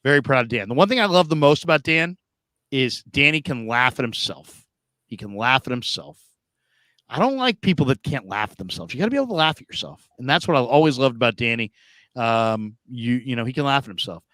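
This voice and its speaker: A man's voice: medium pitch, lively intonation, brisk, sharp tone, no echo, studio quality. A man hosting a casual show, telling stories, laughing often and reading viewer comments aloud. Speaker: host.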